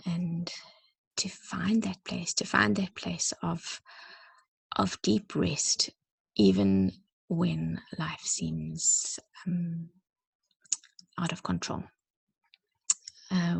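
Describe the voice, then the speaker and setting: Soft, breathy woman with a gravelly edge. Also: on the low side, dry recording. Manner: soft, slow and reflective, often near a whisper. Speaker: church leader. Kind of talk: reading a prayer poem and sharing a message.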